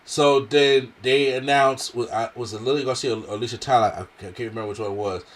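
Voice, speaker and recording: A man's voice: mid-range voice, steady tone, brisk. A man reviewing a wrestling show in casual slangy talk, with a strained throat, acting out what the wrestlers said.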